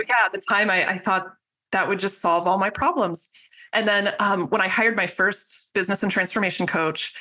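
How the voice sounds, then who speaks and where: Bright-voiced, passionate woman guest. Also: on the low side. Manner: passionate, enthusiastic storytelling. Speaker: podcast guest, business coach. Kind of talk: casual interview talk.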